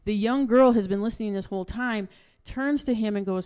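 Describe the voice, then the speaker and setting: A middle-aged woman hosting a podcast, telling a story in a lively way and acting out the voices of the people in it. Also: mid-range voice, a little fast, clean tone. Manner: lively, acts out quoted voices in her stories. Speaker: podcast host. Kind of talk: animated storytelling in conversation.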